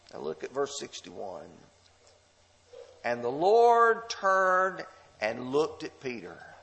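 A male pastor preaching a sermon, reading scripture loudly and dropping to hushed, slow asides. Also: on the high side, vocal fry, big-room sound. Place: church sanctuary.

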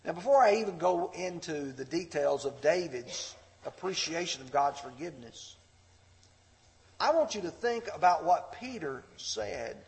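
A male pastor preaching a sermon, swelling loud and impassioned as he reads scripture aloud. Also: fairly high pitch, lively intonation, normal speed. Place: church sanctuary. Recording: long reverb of a large hall.

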